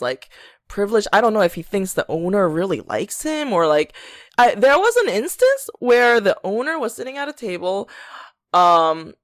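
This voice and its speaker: A woman's voice: medium pitch, no echo, studio quality. A young woman co-hosting a podcast, telling a long story in casual chat, acting out what people said and laughing often. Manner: animated storyteller, acts out quotes, laughs often. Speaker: podcast co-host.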